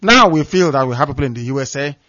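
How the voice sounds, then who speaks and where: A radio host takes calls on his show, talking fast and animatedly in a fairly high, bright, forceful voice. He's impassioned, repeating words for emphasis, and the sound is dull, lo-fi, and dry with no room sound.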